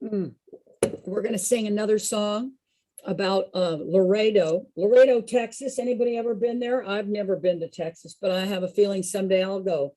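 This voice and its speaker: A woman telling a story to a group in an animated way, often asking her listeners questions. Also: medium pitch, moderate pace. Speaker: storyteller and song leader.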